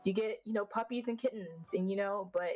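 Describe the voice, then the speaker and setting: A young woman from the southern United States, telling blunt, animated stories with swearing as a guest in a casual interview. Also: medium pitch, a little fast. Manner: blunt, animated storytelling with swearing and acted quotes.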